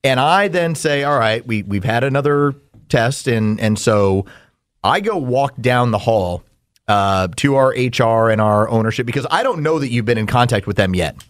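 A man hosting a comedy podcast, reading sponsor spots and recounting events step by step in a steady, methodical way. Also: medium pitch, moderate pace. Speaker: podcast host and radio host. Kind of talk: casual comedic podcast talk.

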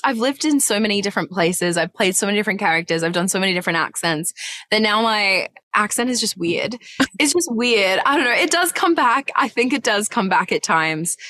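A woman's voice: medium pitch, pushed and bright, no echo. A woman in her thirties with an Australian accent tinged with an American twang, chatting in an interview as an actor guest, giggly and full of fillers and restarts. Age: 30s. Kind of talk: casual interview chat.

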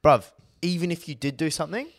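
A man's voice: on the high side, quick pace, no echo, studio quality. A young Australian man co-hosting a podcast, blunt and slangy in casual banter. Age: young adult. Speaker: podcast co-host.

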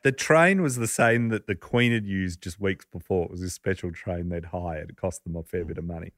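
Man, podcast storyteller, casual chat, chuckles, deeper voice, dry sound. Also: brisk, a bit bright, no room sound. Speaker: podcast host telling a story.

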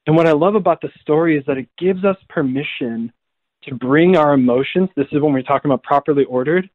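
A man, a priest, telling a scripture story in a lively conversational way and acting out the people he quotes. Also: on the high side, fast talker, no echo. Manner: animated storytelling, acts out quoted voices. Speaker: priest guest. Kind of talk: conversational radio talk on faith. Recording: tinny phone line, dry.

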